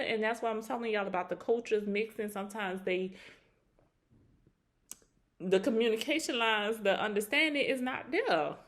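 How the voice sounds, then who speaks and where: A woman casually recapping a reality show reunion, animated and acting out quotes in a higher voice. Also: brisk, vocal fry.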